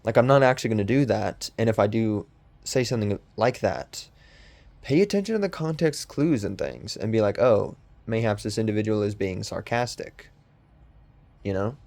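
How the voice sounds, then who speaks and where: A man's voice: fairly low pitch, very animated, a little fast, creaky, a little mellow. A young man hosting a podcast, rambling casually with lots of ums and restarts, in a voice that sounds sarcastic. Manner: meandering, with many ums and restarts. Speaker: podcast host.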